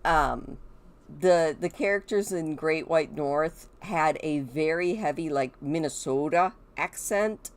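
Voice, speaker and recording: Midwestern woman, middle-aged, slow chatty gaming commentary, lowish voice. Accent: Midwestern American. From Michigan, USA. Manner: chatty, talks to her game characters and viewers. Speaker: gaming video creator. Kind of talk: casual game commentary.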